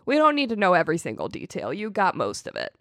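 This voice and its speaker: A woman's voice: on the low side, wildly swooping pitch, quick pace, fairly bright tone, no room sound, clean studio sound. A young woman co-hosting a podcast in casual chat. She giggles, swears freely and retells film scenes. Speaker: podcast co-host.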